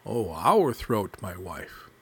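A man voicing a sly, jealous old male owl who speaks in a low murmuring croon that trails off to a hush. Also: very animated, slow, slightly rough, full character voice. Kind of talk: storybook character voice.

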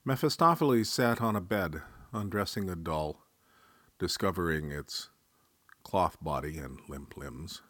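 A man reading a dramatic story aloud in a measured, expressive way. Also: low voice, husky, no room sound.

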